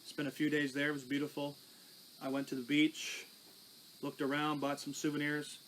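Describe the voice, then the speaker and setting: A man's voice: on the high side, monotone, moderate pace, a bit bright, slight background noise, low-quality recording. A pastor telling his life testimony in a conversational, storytelling way. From Canada. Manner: conversational, recounting with small restarts.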